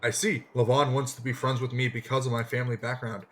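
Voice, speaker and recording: A man reading a lonely rich young man in a game, earnest and a bit wounded, hoping for a friend. The voice stays at a middling pitch and reads plainly off the screen. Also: level tone, fast talker, fairly bright tone, a little hiss or hum, natural voice. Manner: plain read-aloud, no put-on voice.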